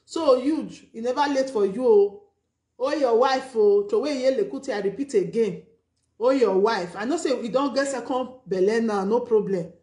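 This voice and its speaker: A woman's voice: fairly high pitch, a little mellow, roomy sound. A Nigerian woman with a Nigerian Pidgin English accent hosting a casual live stream, giving emphatic, preachy advice. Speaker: vlogger and live-stream host.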